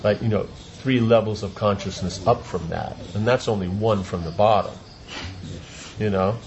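A man's voice: on the low side, moderate pace, darkish tone, lo-fi sound. A man giving an informal religious talk as a teacher, rambling, repeating words and asking rhetorical questions. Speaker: spiritual teacher.

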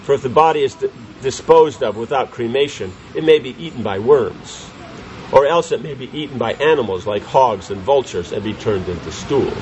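A man's voice: mid-range voice, expressive, moderate pace, a little mellow, slight background noise, rough recording. A man giving a scripture class, reading commentary aloud and explaining it with questions to his listeners. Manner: reads commentary then explains with rhetorical questions to the audience. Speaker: spiritual teacher.

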